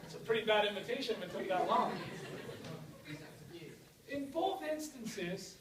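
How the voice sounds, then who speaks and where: A man giving an energetic, joking university guest lecture and speaking straight to his audience. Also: high voice, moderate pace, a loud crowd. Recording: echoey hall, distant mic, faint noise.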